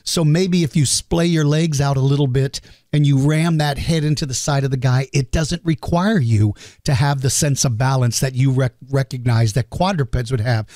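A man's voice: mid-range voice, steady tone, moderate pace, a little mellow, no room sound, clean studio sound. A middle-aged man hosting a podcast, casually answering listener questions in a chatty, self-deprecating way. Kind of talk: casual Q&A monologue.

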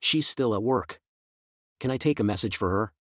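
A man's voice: fairly low pitch, moderate pace, fairly bright tone, no room sound, clean studio sound. A man reading a sad middle-aged woman caller. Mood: apologetic.

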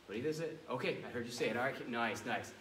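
The man teaching this kids' karate session has a medium-pitched, fairly bright voice and a quick pace. His energy is both firm and fun; the sound is distant and echoey, with faint background noise.

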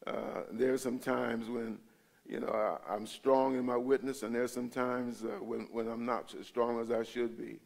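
A man's voice: mid-range voice, level tone, moderate pace, gravelly, darkish tone. A male pastor teaching a Bible study in a church, talking in a conversational way and often checking in with his listeners.

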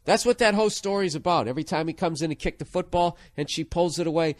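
American man, 40s, podcast host; profane, exasperated ranting, slightly high voice, dry studio sound. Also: fast, few pauses, dry recording. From United States. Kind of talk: casual podcast rant, reading a listener letter.

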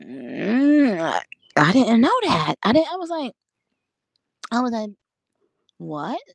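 A woman chatting casually and profanely on a livestream, rambling, laughing often and talking with animated energy. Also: a little high, measured pace, gravelly, dry recording. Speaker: livestream host. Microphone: audio livestream from home.

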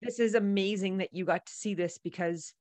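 A woman telling a personal travel story in a casual, animated way, laughing often and acting out the dialogue. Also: mid-range voice, brisk, no room sound.

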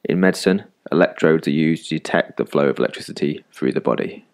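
A man narrating a scripted medical lesson in calm, measured explanations. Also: rumbling low.

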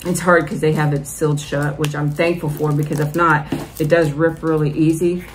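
A woman vlogger opening fan mail, gushing and excited as she talks straight to her viewers. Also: low voice, moderate pace, a little hiss or hum. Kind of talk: casual mail-opening vlog.

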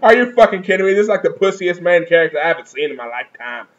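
Man, high voice, mocking and profane, casual comic review, dull lo-fi sound. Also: sing-song, rapid-fire. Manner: profane, mocking, laughs often. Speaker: manga reviewer.

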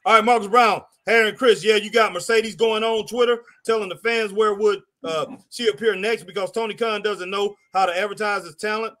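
Male stream host, high bright voice, excitable and laughing, calls folks "man" and "boy". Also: a little fast, few pauses. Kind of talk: casual live-stream wrestling commentary.

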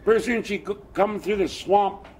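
An elderly man telling a traditional story to listeners in a plainspoken, lively way, with chuckling asides. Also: high-pitched, normal speed, a little hiss or hum. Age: older.

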